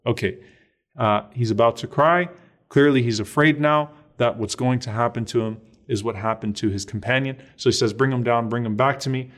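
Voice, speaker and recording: Preacher, male, middle-aged, mid-pitched, vivid storyteller acting out dialogue. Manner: dramatic storytelling, acts out dialogue, sprinkles Arabic phrases. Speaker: Islamic preacher. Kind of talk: storytelling sermon.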